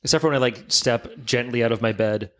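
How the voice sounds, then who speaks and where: A man's voice: medium pitch, fast. A man on a podcast who makes dry quips and short remarks of agreement. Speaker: podcast guest. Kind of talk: casual chat.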